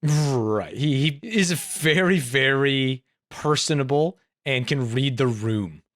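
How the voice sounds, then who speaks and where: A man's voice: medium pitch, dry recording, studio quality. A man giving casual, laugh-filled commentary as he reacts to video clips. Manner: laughs often, quick excited reactions.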